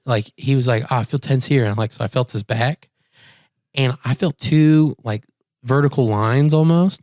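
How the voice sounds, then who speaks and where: A man's voice: medium pitch, dry recording, studio quality. A young man co-hosting a podcast in casual chat, telling rambling stories and acting out what people said. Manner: rambling animated storytelling, acting out quotes. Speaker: podcast co-host.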